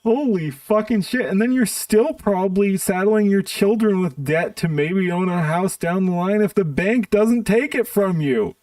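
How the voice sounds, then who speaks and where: A man's voice: high-pitched, measured pace, few pauses, a little mellow, dry recording, far from the mic. A man streaming live, ranting in a profane, exasperated way while reacting to videos. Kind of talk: casual stream commentary.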